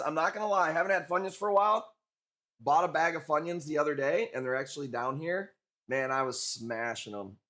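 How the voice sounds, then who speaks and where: A man's voice: mid-range voice, fairly bright tone. A man from Illinois hosting a live coral auction stream, chatting loosely with viewers in a profane, joking way. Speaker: livestream host selling coral. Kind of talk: casual livestream auction chat.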